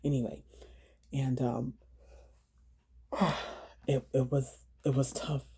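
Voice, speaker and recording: A woman telling her own story in a vlog, halting and earnest, often repeating words and phrases. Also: rumbling low, little pitch movement, gravelly, mellow, slight background noise. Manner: earnest, urging viewers to slow down.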